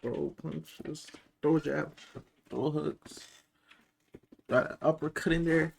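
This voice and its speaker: A man's voice: on the high side, steady tone, slow pace, creaky, slight background noise. A young man chatting casually, reacting with slang and giving loose boxing tips. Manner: laid-back slang, reacts and jokes. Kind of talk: casual chat.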